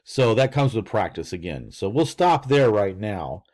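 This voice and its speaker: A man's voice: fairly low pitch, sing-song, unhurried, darkish tone. An older man teaching a casual language lesson, rambling with lots of fillers and restarts. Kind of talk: casual screen-share lesson.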